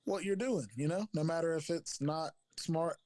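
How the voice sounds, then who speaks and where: A man's voice: a little high, moderate pace, a little mellow. A man joining a casual chat as a guest, trading teasing jokes with the host. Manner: teasing, joking banter.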